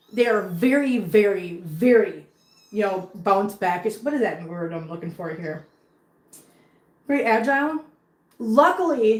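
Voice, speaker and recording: A woman with a fairly high voice talks to her kittens in gentle, cooing baby talk, then turns to chat casually with her viewers. She is in a reverberant room at home. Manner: coos baby talk to kittens between chatty asides to viewers. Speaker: cat channel vlogger.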